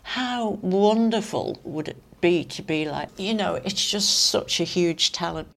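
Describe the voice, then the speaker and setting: An older woman with a Manx accent reminisces in a low voice with a gravelly edge. She is a lively storyteller who laughs often and acts out the voices of the people in her tales. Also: a little slow. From Isle of Man. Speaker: interviewee. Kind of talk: reminiscing conversation.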